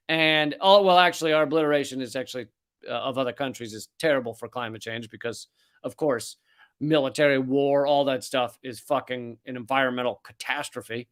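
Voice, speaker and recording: A man hosting a comedic political rant, sarcastic and profane. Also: medium pitch. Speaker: host.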